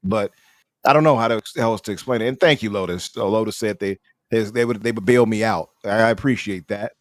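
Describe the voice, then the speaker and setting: A man hosting a casual podcast chat, talking in an opinionated, animated way and often restarting his sentences. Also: on the low side, quick pace, no echo, clean studio sound. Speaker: podcast host.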